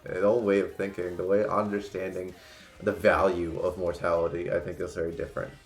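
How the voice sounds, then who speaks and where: Deep-voiced rambling male streamer. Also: little pitch movement, a little fast, roomy sound, faint music behind. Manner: rambling, loose, frequent fillers and restarts. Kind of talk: casual storytelling on a livestream.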